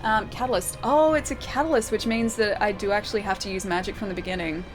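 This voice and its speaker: A woman's voice: mid-range voice, steady tone, quick pace, over music. A young Australian woman chatting casually while livestreaming a game, giggling often and answering her chat. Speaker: streamer. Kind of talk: live game stream chat.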